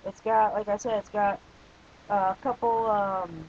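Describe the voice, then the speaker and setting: A man's voice: high-pitched, steady tone, a little slow, a little mellow, lo-fi sound, slight background noise. A young man giving a casual, opinionated spoken movie review, rambling with frequent restarts and fillers.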